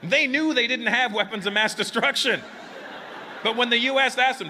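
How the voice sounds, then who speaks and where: A man's voice: very high voice, normal speed. A man doing a stand-up comedy routine on a club stage, telling stories and chatting with the crowd, acting out both sides of each exchange. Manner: animated, acts out both sides of conversations. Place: comedy club stage before a live audience. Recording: noisy live club recording.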